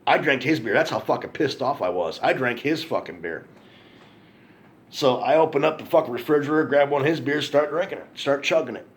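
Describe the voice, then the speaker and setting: A man's voice: mid-range voice, expressive, a little fast. Angry profane man ranting. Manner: angry, profane, repetitive storytelling. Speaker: vlogger. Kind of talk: ranting monologue.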